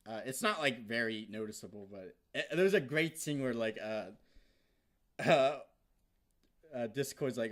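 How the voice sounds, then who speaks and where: A young man rambles through an episode recap with a lot of fillers and restarts. He swears casually, and his enthusiasm keeps breaking into loud, high-pitched outbursts before he settles back into a medium-pitched, chatty tone. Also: moderate pace. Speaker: vlogger.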